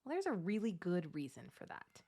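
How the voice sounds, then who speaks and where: Animated woman coaching moms. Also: brisk. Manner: animated, acts out inner self-talk with big pitch jumps. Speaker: Catholic mom coach. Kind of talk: casual advice monologue to camera.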